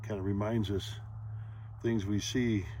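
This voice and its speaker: Man, low voice, slow musing wilderness vlogger, faint outdoor ambience. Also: flat delivery, warm tone, a little hiss or hum. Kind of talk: reflective outdoor vlog narration. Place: outdoors in the woods.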